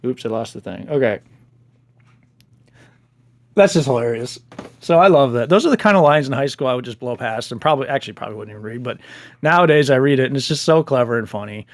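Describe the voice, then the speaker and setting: A man's voice: mid-range voice, expressive, fast, long pauses, no room sound. A man casually reviewing a book he loved, enthusiastic and chatty, laughing easily.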